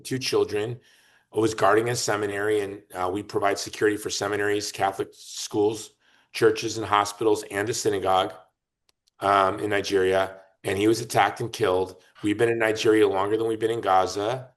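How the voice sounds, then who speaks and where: A man talking as a podcast guest in an emphatic, argumentative way. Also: lowish voice. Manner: emphatic, argumentative, lively and fast-shifting. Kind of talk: animated political talk.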